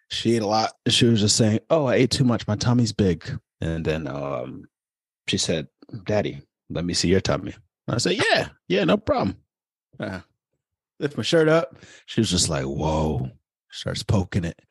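Joking dad host, lively voice. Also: male voice, on the low side, breathy edge, no room sound. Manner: joking, swears freely. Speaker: podcast host. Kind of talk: casual podcast banter.

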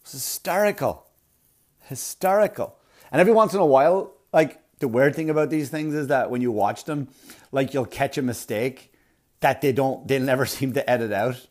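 A man's voice: medium pitch, moderate pace, a little mellow. Rambling man doing stand-up. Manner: rambling, filler-heavy delivery with sudden breathy put-on voices. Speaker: stand-up comedian. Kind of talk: stand-up comedy routine.

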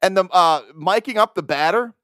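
A man's voice: high voice, moderate pace, fairly bright tone, no room sound, clean studio sound. A man hosting his own sports podcast, talking casually and ranting with plenty of swearing and laughter. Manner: profane, ranting, laughs often. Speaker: podcast host. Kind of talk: casual solo sports talk.

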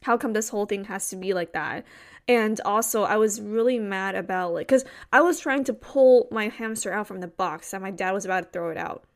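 A woman's voice: mid-range voice, a little fast. A young woman from Taiwan telling a long personal story in casual chat, full of restarts and fillers.

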